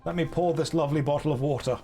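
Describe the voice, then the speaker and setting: Fast and steady in tone, with a voice on the high side, a young man narrates his game stream casually from a warm indoor room, keeping up dry, sarcastic running jokes over soft background music.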